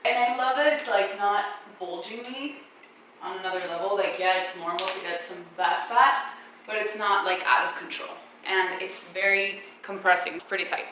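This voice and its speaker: A woman's voice: medium pitch, steady tone, normal speed, sharp tone, echoey room, a little hiss or hum, rough recording. A young woman filming a casual clothing try-on haul at home on her camera, chatty and upbeat, full of fillers. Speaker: fashion vlogger. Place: room at home. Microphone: camera mic.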